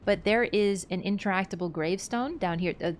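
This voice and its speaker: A woman's voice: medium pitch, fairly quick, a little hiss or hum. A woman streaming a game, talking casually through its lore, thinking aloud and answering her chat. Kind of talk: casual livestream lore commentary.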